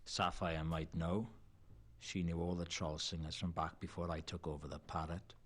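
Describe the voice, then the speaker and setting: Surly Welsh half-elf bartender,, gruff, very deep, evasive. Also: male voice, flat delivery, moderate pace. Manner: curt and evasive. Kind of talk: video game voice acting.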